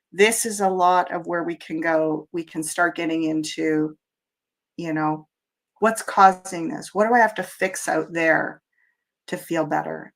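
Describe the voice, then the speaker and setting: A middle-aged woman runs a live tarot reading, her voice sitting slightly low. She chats along in a reflective, meandering way, filling gaps with easy fillers. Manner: chatty, reflective, lots of fillers. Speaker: tarot reader. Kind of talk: live tarot show monologue.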